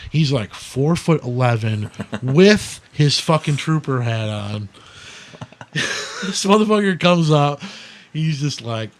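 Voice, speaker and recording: A man from Detroit, a guest on a podcast, telling a wild story in a casual, profane, animated way. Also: medium pitch. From Detroit, USA. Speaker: guest, music producer.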